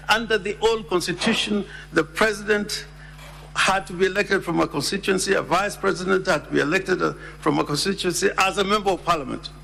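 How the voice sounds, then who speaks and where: A man, a lawyer, making a deliberate, emphatic formal legal argument in a senate chamber and repeating key words. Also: sits high, vocal fry, pushed and bright, long reverb tail, slight background noise.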